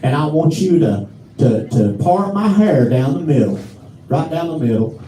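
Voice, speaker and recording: A bossy middle-aged woman customer rattles off orders in a mellow tone, as a male comedian quotes her. The mic catches her from a distance in a roomy live room. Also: on the high side, lively intonation, slight background noise, lightly acted. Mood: demanding. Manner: bossy, giving rapid orders.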